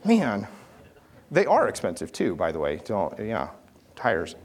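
Animated male preacher telling stories. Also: on the low side, unhurried, slight background noise. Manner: animated storytelling, swings from shouting to hushed. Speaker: pastor. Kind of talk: sermon.

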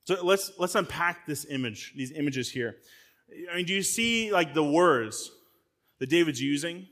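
A man preaching a sermon as a guest pastor, with a voice pitched a little above most men's. He talks to the congregation in a direct, conversational way. He often stumbles over and repeats short words as he goes. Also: expressive, moderate pace, fairly bright tone. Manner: frequent word repeats and restarts.

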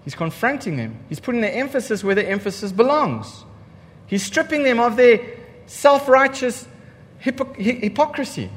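Emphatic preacher with lively high voice. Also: male voice, moderate pace, big-room sound. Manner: emphatic, repeats key lines for effect; rhetorical questions to the congregation. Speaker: pastor. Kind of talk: sermon.

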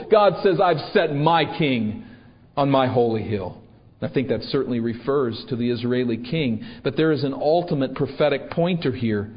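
A man's voice: mid-range voice, normal speed, dull audio. Man preaching in a reverberant church. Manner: rhetorical questions to the congregation. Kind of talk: sermon.

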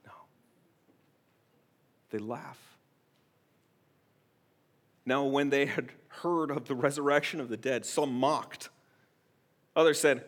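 A man preaching a sermon as a pastor. He speaks earnestly and directly to his congregation, moving between hushed, intimate appeals and loud, emphatic declarations. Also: a little high, unhurried, long pauses.

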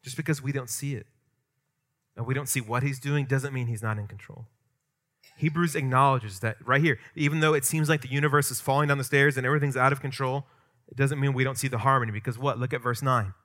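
A man preaching a sermon as pastor, emphatic and conversational, swinging from loud stressed points to quiet asides. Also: mid-range voice, quick pace. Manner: conversational with asides and light humor.

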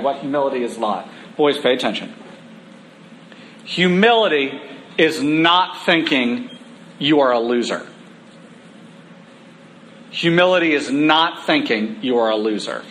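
A man preaching a conversational sermon, humorous at times and slowing down for emphasis. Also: mid-range voice, fairly bright tone, slight background noise.

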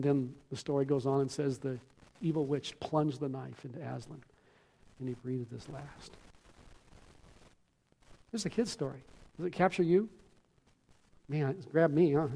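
A man's voice: mid-range voice, a little slow, vocal fry, long pauses, dark tone, slightly rough. A man preaching a sermon, telling a story earnestly and often repeating words.

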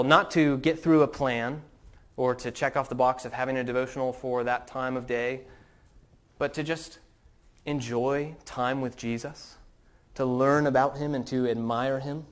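Earnest male pastor preaching. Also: medium pitch. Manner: earnest, questioning, with fillers and restarts. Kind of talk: sermon.

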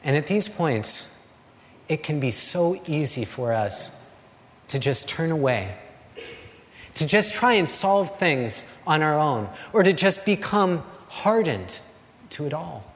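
A man preaching a sermon as a pastor, slow and earnest, with dramatic pauses. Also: on the high side, big pitch swings, in a large hall.

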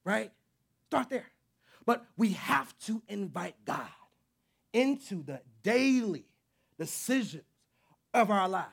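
A man's voice: high voice, sing-song, slow, gravelly, pauses often, husky. A man preaching a sermon, earnest and conversational, with repetitions that build to emphatic peaks. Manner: earnest, repeating himself, rising to emphatic peaks.

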